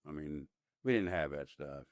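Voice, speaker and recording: A man's voice: very deep voice, expressive, normal speed, no echo, clean studio sound. A man in his fifties, a podcast guest, telling his story in a plain-spoken, rambling way with many fillers. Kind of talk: casual interview storytelling.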